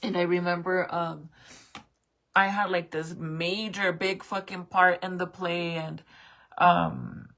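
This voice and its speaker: Tearful and speaking to camera in a casual confessional, a late-thirties vlogger from New Mexico swears freely and laughs nervously while fighting back tears. Her voice is fairly low and a bit bright, with fairly even intonation and a slow pace.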